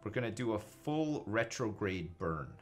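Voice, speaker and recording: A man's voice: fairly low pitch, lively intonation, a little slow, faint music behind. A man casually commenting on his own space game live, joking, swearing and thinking aloud as he reads chat. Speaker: gaming livestreamer.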